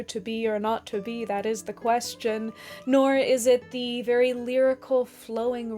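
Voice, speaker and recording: A woman narrating a scripted video essay in a measured, explanatory way, with dramatic emphasis on key lines. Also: on the high side, darkish tone.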